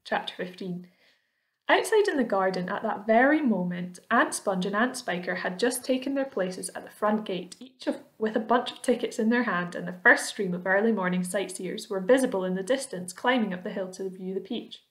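A woman reading a children's book aloud in a friendly way, pausing to explain the story to young listeners. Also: medium pitch.

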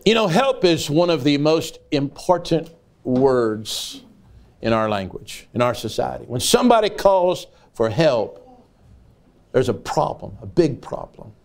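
An older man preaching a sermon as an evangelist. He moves from folksy storytelling to rising, loud preaching cries. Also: fairly high pitch, big pitch swings, unhurried.

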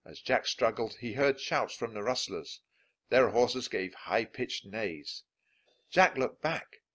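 A man reading a children's chapter book aloud, clear and deliberate for learners of English. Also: mid-range voice, lively intonation, fairly bright tone. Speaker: storybook reader.

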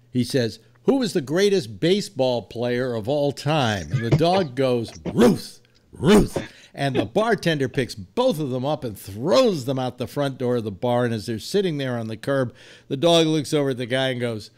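A male host rambles through a casual chat at an ordinary pitch. He trips over his words, restarts, and leans on fillers as he goes. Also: big pitch swings, moderate pace, darkish tone. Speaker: radio show host. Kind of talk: casual chat and joke telling.

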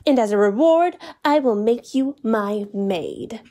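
A woman's voice: fairly high pitch, expressive, measured pace, dark tone. A woman voicing a spoiled, mean young princess who talks rudely and demands her way, read aloud in a storybook. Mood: bratty. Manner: rude and demanding.

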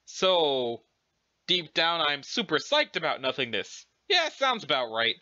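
A man reads a webcomic aloud, fully voicing a brash, teasing teenage girl who speaks in loose slang and keeps prodding for answers, in a casual, curious mood. The voice sits high with big pitch swings, a bright, forceful edge, and a measured pace. The recording is dry, dull, and lo-fi.

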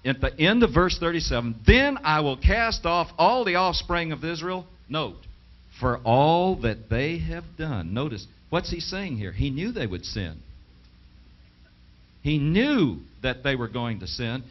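A man's voice: fairly high pitch, big pitch swings, unhurried. Man preaching emphatically, dull lo-fi tape. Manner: emphatic, asks the audience rhetorical questions. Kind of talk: sermon with scripture reading. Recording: dull lo-fi 1980s television broadcast.

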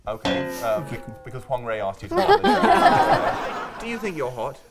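A man's voice: medium pitch, wildly swooping pitch, moderate pace, loud music behind the voice. A man hosting a comedic news panel show, bantering with guests in a teasing, sarcastic way. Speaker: host.

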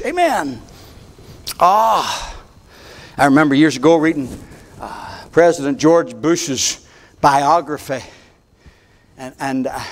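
An older man preaching a sermon from a church pulpit, folksy and fired up, repeating words and going into chatty asides. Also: a little high. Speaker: pastor.

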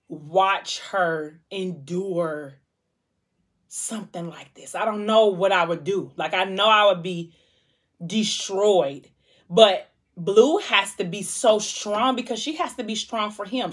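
A woman hosting a casual book chat at home, retelling a story with strong emotion and dropping her voice soft at the sad parts. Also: medium pitch, slow. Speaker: vlog host discussing a book.

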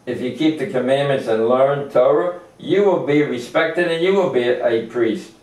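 An older man giving an informal Torah lesson, halting often with fillers and restarts as he explains verses. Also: mid-range voice, darkish tone. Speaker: Torah teacher. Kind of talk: informal religious lecture. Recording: echoey room, distant mic.

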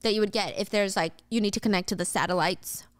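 A woman's voice: medium pitch, fast, smooth, no echo. Chatty woman retelling a film plot. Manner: chatty, vivid scene-by-scene retelling. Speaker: host recapping a film. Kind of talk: casual storytelling recap.

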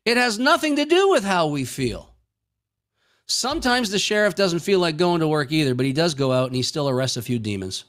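A man's voice: fairly high pitch, big pitch swings, fairly quick, fairly bright tone. A male pastor preaching a sermon in a folksy, joking way, acting out everyday conversations.

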